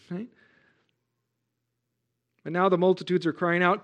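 A man preaching a sermon as pastor, earnest and exhorting, rising to loud emphasis. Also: high voice, steady tone, moderate pace, long pauses.

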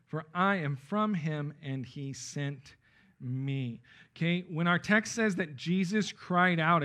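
A man's voice: high-pitched, fairly bright tone. A man preaching an expository Bible sermon, emphatic and checking in with his listeners with frequent okay and right. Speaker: pastor.

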